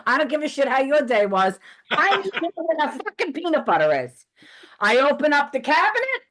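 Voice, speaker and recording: A woman holds forth on a casual podcast, her voice sitting high. She rants in a heated, profane way, jumping into animated storytelling. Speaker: podcast host. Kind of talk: casual ranting chat.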